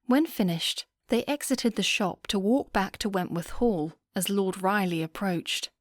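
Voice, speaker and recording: Woman, audiobook narrator, calm even telling, dry close sound. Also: mid-range voice, measured pace, no echo.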